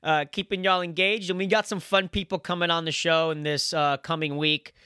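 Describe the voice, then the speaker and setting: Young guy hosting a podcast, bright kinda high voice, loose and sweary, dry close mic. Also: fairly even intonation, a little fast, clean tone, no echo. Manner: loose, swearing, laughing often. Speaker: podcast host. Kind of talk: casual podcast chat.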